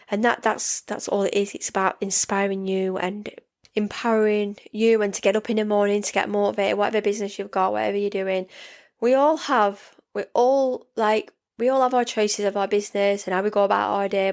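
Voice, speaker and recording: A woman in her forties, hosting a casual solo podcast, chatting in a rambling way with many restarts, sleepy and yawning. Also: mid-range voice. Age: 40s. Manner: rambling, chatty, frequent restarts and "yeah" fillers. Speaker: podcast host.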